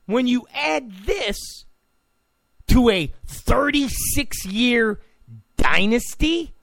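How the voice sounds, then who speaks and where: A man's voice: extremely high pitch, gravelly, a bit bright, no room sound, clean studio sound. A man delivering a political opinion monologue in an emphatic, repetitive, ranting way. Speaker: political commentator.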